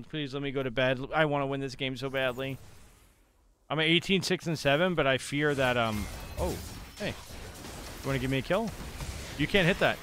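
A young man streaming a video game, commenting live as he plays and swinging between muttering to himself and shouting with excitement. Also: mid-range voice, moderate pace, long pauses, a little hiss or hum. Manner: excitable, swings from mumbling to yelling. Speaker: gaming streamer.

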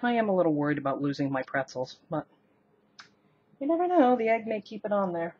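Chatty, low-voiced woman cooking at home. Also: expressive, fast talker, breathy edge, dull audio. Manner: rambling, self-deprecating, laughs often. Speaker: cooking vlogger. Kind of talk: casual chatty cooking demo. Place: home kitchen. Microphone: camera on the counter, later a handheld camera.

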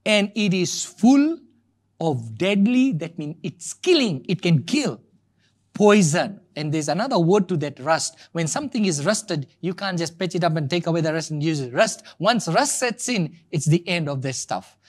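A man preaches, hammering home his points by repeating key words. His pitch swings widely as he builds emphasis. He sounds lively and insistent throughout. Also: moderate pace. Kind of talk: sermon.

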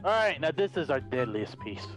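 A man's voice: on the high side, very animated, normal speed, a bit bright, soft background music. A man teasing and laughing while playing a game with friends, with a lot of swearing. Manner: giggly, teasing, profane. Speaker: gamer. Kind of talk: gaming commentary banter.

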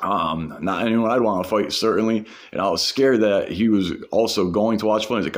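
A man's voice: on the low side, fairly quick, few pauses. A man telling a personal story in a casual, rambling way, heavy on swearing and "like". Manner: profane, rambling, full of "like".

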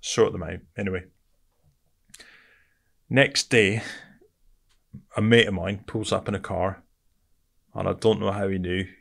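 A man's voice: sits low, fairly even intonation, a little slow, creaky, long pauses, a bit bright. A man from Britain, a podcast guest telling his story bluntly and candidly, swearing often and calling the host mate.

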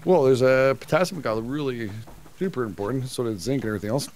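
A man's voice: mid-range voice, fast talker, darkish tone, a little hiss or hum. A man streaming a co-op survival game, chatting casually, swearing and laughing. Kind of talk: casual gaming chat.

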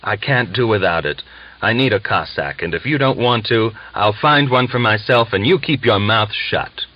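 A man voicing a lusty, defiant young Cossack wife who goes from sly whispers to shrill scolding. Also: lively intonation, normal speed, dull audio.

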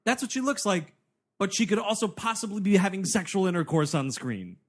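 A man co-hosting a comedy movie podcast, swearing freely and mocking the film in animated bits of quoted dialogue. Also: sits high, brisk. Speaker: podcast co-host. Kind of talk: casual comedy podcast banter.

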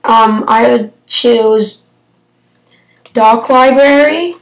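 Slow-talking young girl reviewing apps. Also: fairly high pitch, creaky, low-quality recording. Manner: chatty, hesitant with fillers. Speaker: vlogger. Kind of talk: casual app review.

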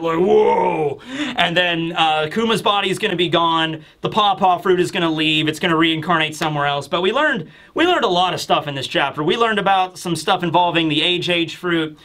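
Excitable high-voiced male commentator. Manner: excitable, acting out character lines in quick bursts. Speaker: YouTube chapter reviewer. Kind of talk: casual commentary.

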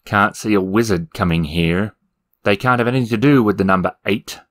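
A man's voice: fairly low pitch, fairly quick, a bit bright, natural voice. A man voicing a nervous, shifty little demon who lives in a picture box and talks in an evasive mutter. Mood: sneering.

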